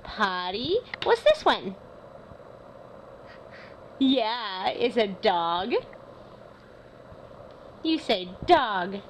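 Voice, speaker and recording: Slow, lively-voiced mother coaxing a toddler. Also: medium pitch. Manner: slow, coaxing, exaggerated word naming. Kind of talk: reading a picture book to a toddler. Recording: noisy home video.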